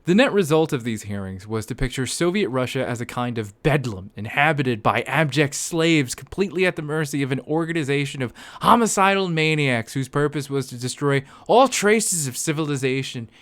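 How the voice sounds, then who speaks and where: A man's voice: fairly high pitch, animated, normal speed, hardly any pauses, fairly bright tone. A man co-hosting a casual podcast, rambling and swearing, with many fillers and restarts. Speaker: podcast co-host.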